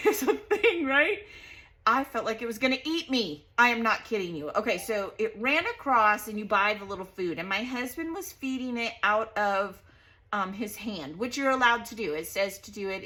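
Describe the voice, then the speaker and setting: Bubbly lady chatting on her crafting vlog, laughs a lot, kinda high sharp voice. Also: expressive, moderate pace. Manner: bubbly, laughs often while telling stories. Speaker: scrapbooking channel host.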